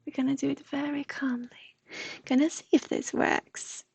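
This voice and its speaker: A woman giving a gentle, half-whispered livestream psychic reading. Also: sits high, little pitch movement, normal speed, creaky, dry recording. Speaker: intuitive reader.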